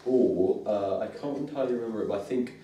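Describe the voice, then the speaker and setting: A man hosting a casual comic review, retelling scenes in an animated way. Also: on the low side, fast talker, highs cut off, a little hiss or hum. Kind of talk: casual chat. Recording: echoey room, mic at a distance.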